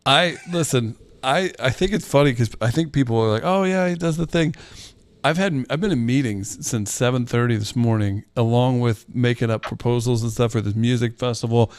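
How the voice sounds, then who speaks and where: A man producing a podcast, chatting casually in a rambling, hurried way. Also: medium pitch, clean tone, dry recording. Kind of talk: casual chat.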